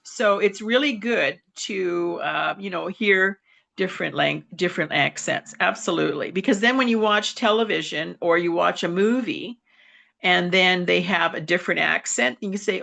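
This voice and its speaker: A woman with a Western Canadian accent teaches English over a video call. Her voice sits a little low and carries a gravelly fry, and she keeps things patient, repeating her points and checking in with "okay". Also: normal speed, fairly bright tone. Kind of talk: online class teaching.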